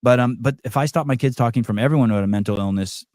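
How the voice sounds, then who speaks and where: A man's voice: medium pitch, racing, darkish tone, no echo. A middle-aged man chats on a podcast in a rambling, unfiltered way. He restarts sentences often and drops in swear words. The sound is dry and close. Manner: rambling, many restarts and fillers, blunt and profane. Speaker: podcast host. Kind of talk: casual chat.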